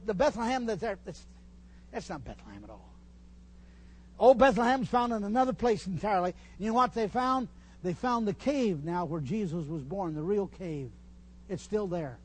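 Older male preacher, high lively voice. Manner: folksy, teasing the congregation, halting restarts. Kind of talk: sermon. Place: church hall.

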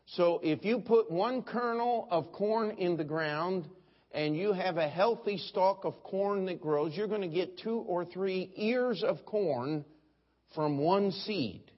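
A man's voice: high-pitched, takes it slowly. A middle-aged man preaching a sermon as pastor, telling folksy stories and mimicking other preachers. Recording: dull lo-fi sermon recording.

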